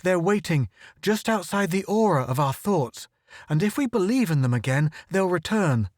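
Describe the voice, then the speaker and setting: A man's voice: high-pitched, very animated, normal speed, a little mellow, no echo, clean studio sound, voice pushed up. A man reading a storybook audiobook, voicing a tense, urgent young male space reporter in a raised voice. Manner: urgent, commanding.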